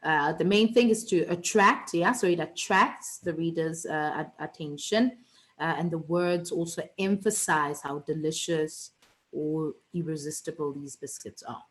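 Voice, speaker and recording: A woman's voice: low-pitched, unhurried, rough recording. A woman teaching an online revision lesson, chatty and teasing, with many fillers and restarts.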